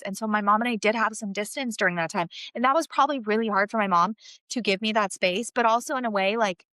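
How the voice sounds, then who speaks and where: A woman's voice: mid-range voice, no echo. A woman from Russia co-hosting a podcast, speaking earnestly and filling her sentences with "like" and "you know". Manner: earnest, warm, many fillers like "like" and "you know". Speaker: podcast co-host, mother. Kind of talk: casual podcast chat.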